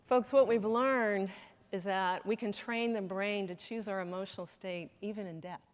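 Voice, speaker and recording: A woman's voice: mid-range voice, steady tone, normal speed. A woman giving a conference talk, telling a story in an earnest way and acting out the quoted dialogue. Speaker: conference speaker. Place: conference hall. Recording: hall reverb.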